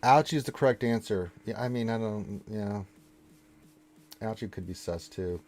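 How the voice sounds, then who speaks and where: A man's voice: fairly low pitch, moderate pace, a little mellow. A man hosting a casual live game stream, reading the chat aloud and teasing viewers with mock-stern playfulness.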